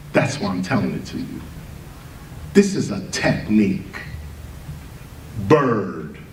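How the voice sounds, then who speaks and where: A man's voice: mid-range voice, slight background noise. A man giving a lecture to an audience, firing rhetorical questions and spelling words out letter by letter for emphasis. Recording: roomy, distant live lecture recording with faint ambience.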